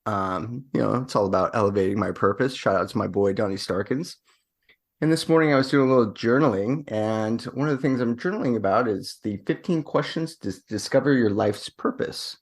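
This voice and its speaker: A man's voice: lowish voice, a little fast. A man co-hosting a recovery podcast, chatting in a playful, upbeat way. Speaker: podcast co-host. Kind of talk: casual podcast chat.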